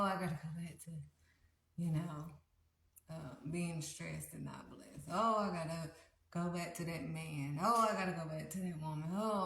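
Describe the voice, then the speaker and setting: A worn-out, whiny quitter who complains breathlessly that it's all too much, put on by a woman. Her voice sits low and the room gives it an echoey ring. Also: vocal fry, a bit bright, slight background noise. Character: worn-out believer whining about quitting. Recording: roomy echo.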